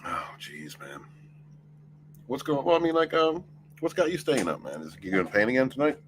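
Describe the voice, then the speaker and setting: A man's voice: mid-range voice, sing-song, normal speed, a little hiss or hum. A man streaming, chatting casually in a rambling, profane way and laughing often. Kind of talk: casual late-night stream chat.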